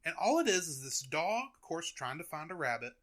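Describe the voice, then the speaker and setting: Animated, bright-voiced male podcast host. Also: on the high side, fairly quick. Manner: animated, chatty storyteller. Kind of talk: casual chat, retelling a cartoon.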